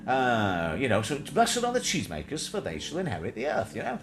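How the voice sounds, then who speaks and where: A man co-hosting a live stream, rambling from joke to joke as he talks to viewers and to his pets. His pitch swings wildly as he chats. The audio carries steady background noise. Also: fairly quick. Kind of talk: casual chat. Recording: noisy home stream audio.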